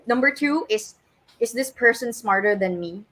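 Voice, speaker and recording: A woman's voice: on the high side, lively intonation, moderate pace, fairly bright tone. A woman who founded a startup, talking candidly in a casual interview and counting off her points one by one.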